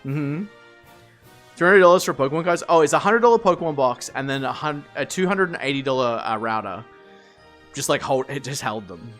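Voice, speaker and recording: A man chatting casually with his stream, telling stories in a lively, swear-heavy way. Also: mid-range voice, brisk, soft background music. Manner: animated storyteller, swears freely. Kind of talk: casual live-stream chat.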